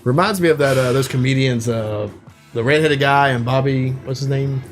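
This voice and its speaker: A man's voice: mid-range voice, moderate pace, soft background music. A man co-hosting a podcast in a loose, rambling casual chat. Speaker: podcast co-host.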